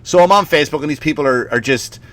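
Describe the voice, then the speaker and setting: Profane Irish comedian, bright tone. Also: male voice, a little high, quick pace, no echo. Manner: profane, rambling, laughing at his own story. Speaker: stand-up comedian. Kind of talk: comedic rant.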